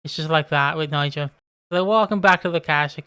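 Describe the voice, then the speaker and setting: A man's voice: on the high side, steady tone, fairly quick, pushed and bright, clear, resonant tone, no room sound. An Irish man co-hosting a podcast, chatting casually as he recaps episodes and acts out the characters' lines. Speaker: podcast co-host. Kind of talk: casual chat recapping a soap.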